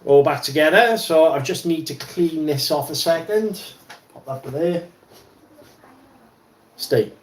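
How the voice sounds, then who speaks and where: A man's voice: on the high side, expressive, a little slow, long pauses, echoey room. A man hosting a casual livestream while fixing an RC car at his bench, rambling with lots of ums and restarts. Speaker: livestream host. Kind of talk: casual chat while wrenching.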